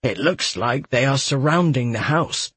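Anxious apologetic scout, narrator voicing, husky, dry read. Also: male voice, medium pitch, expressive, unhurried, a bit bright, no room sound. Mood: urgent. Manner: urgent warnings.

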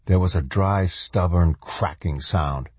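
A man narrates a novel in a measured, deliberate way. His voice is very low, dark and husky. The sound is dry and close, with no room in it. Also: no room sound. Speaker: audiobook narrator. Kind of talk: scripted narration.

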